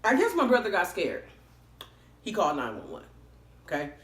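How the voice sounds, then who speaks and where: A woman vlogger telling a story in a casual, animated way, expressive and swearing freely. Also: sits low, moderate pace. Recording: roomy echoey room.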